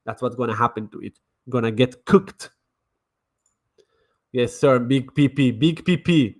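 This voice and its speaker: A man's voice: medium pitch, unhurried, fairly bright tone. A man streaming crypto trading commentary in a brash, mocking way, swearing and repeating himself. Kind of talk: casual livestream commentary.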